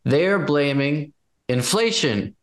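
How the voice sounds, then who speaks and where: A man giving political commentary in a conversation, forceful and indignant, building his case with examples. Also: fairly high pitch, animated, slow. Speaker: guest commentator.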